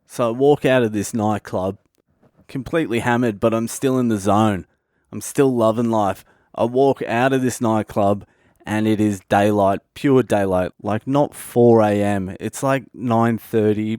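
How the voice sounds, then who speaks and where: A man's voice: lowish voice, fairly even intonation, unhurried, a little mellow, clear, resonant tone, no echo, studio quality. A man in his thirties from Australia with an Australian accent, telling a comic story on his own podcast in a loose, profane way. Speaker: comedian podcast host.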